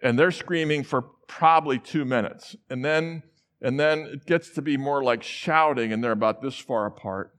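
A man's voice: mid-range voice, normal speed, fairly bright tone. A middle-aged man from the central United States preaching a sermon in a large church, telling personal stories in a conversational way and acting out the voices he quotes.

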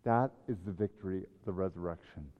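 Male preacher, sermon, swells loud on scripture and drops soft to reflect; muffled sound with a long hall echo. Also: low voice, fairly quick. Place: church sanctuary. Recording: echoey hall, dull sound.

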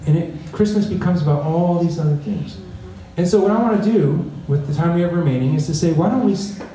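A man's voice: on the high side, warm tone, a little hiss or hum. A man delivering a conversational sermon as a pastor, often checking in with the congregation by asking "right?". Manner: conversational preaching with frequent "right?" asides. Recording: echoey room, voice from a distance.

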